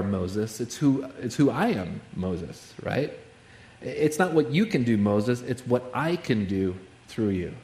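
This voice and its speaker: A man's voice: mid-range voice, a little mellow. Conversational male preacher, echoey room. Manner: conversational, with frequent fillers and asides. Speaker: pastor. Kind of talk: sermon.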